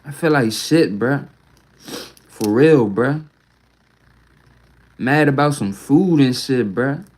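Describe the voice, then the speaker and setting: A man's voice: medium pitch, expressive, takes it slowly, a little mellow, poor audio. A man venting on a casual livestream from home into a phone mic, rambling and profane, ending almost every phrase with "bruh".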